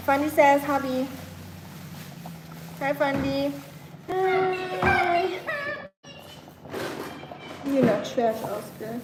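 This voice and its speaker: A woman's voice: sits high, steady tone, slow, pauses often. A woman chatting casually on a live stream while she cooks at home, talking to her dog and reading out comments from viewers. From learned British English. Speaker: livestream host. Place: home kitchen. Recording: clear kitchen background noise. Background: kitchen clatter of dishes and pots.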